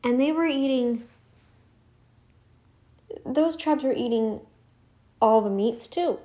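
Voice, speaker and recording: Emphatic woman ranting, higher voice. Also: slow pace, dark tone. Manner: emphatic, repetitive, defiant. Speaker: vlogger. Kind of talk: casual ranting commentary.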